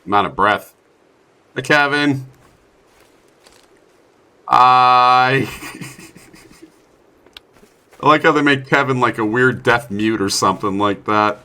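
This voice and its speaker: A man's voice: mid-range voice, fairly even intonation, takes it slowly, pauses often, pushed and bright. A young man commentating his own gameplay in a chatty, self-mocking way, with sudden startled outbursts. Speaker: streamer playing a survival game. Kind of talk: let's play commentary.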